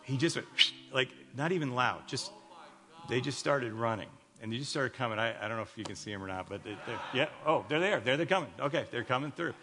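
In an echoey hall, a fifties-aged pastor from Chicago rambles through sermon stories, restarting often and cracking light jokes for his congregation. His voice is mid-range, expressive, fairly quick, bright, and forceful.

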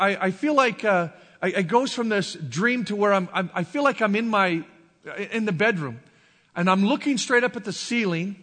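Pastor, male, high bright voice, halting and emotional testimony in a reverberant hall. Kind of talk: sermon testimony.

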